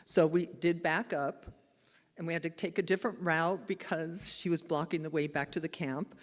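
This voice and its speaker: A woman minister giving a lively, chatty storytelling sermon at a live church service. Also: low voice, normal speed. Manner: chatty and animated, laughing as she tells the story. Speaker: spiritual director and minister. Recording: long hall reverb in a church.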